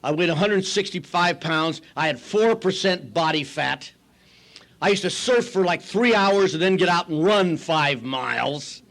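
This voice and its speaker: A man's voice: a little high, animated, a little slow, vocal fry, a bit bright. Older man telling a wry, self-mocking story. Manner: acts out quoted people in voices. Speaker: AA speaker. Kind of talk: recovery talk storytelling.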